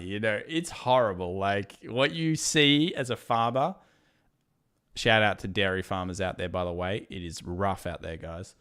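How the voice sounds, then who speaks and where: A man's voice: lowish voice, unhurried, a bit bright, smooth. A man hosting a live trading stream, talking through market charts casually and drifting into fired-up rants. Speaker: trading livestream host.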